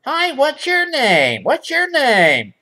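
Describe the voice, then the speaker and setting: A reader voicing a kind old male poet in a mock storybook reading, with slow, old-fashioned speech. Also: high voice, huge pitch swings, bright, forceful tone, pitched above the performer's own voice, exaggerated voice. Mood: gentle.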